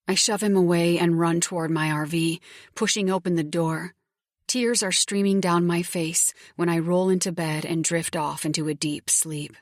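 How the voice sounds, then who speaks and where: A woman giving steady, intimate first-person narration of a romance audiobook. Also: lowish voice, normal speed, dry recording, studio quality.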